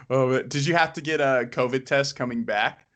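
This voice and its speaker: A young man in loose podcast chat with a voice of ordinary male pitch. He is easygoing, chimes in quickly, and laughs often. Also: fairly bright tone. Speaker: podcast co-host. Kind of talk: casual chat.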